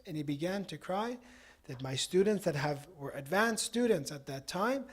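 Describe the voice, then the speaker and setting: Cleric giving a mosque sermon, a man with a slightly higher voice who tells stories conversationally and ends in a supplication. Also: expressive, normal speed, slightly rough. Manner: story-driven, conversational, with frequent "you know" asides. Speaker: cleric giving a Ramadan night talk. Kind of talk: sermon with storytelling.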